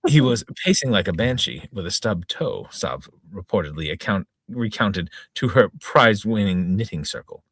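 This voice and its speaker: A man aged 40s to 50s reads aloud a funny news-style story on his casual reading podcast, using a tongue-in-cheek, mock-dramatic newsreader delivery and stumbling and restarting on words. His lowish, fairly bright voice has lively intonation, normal speed and few pauses. There's no room sound, and the quality is studio-grade.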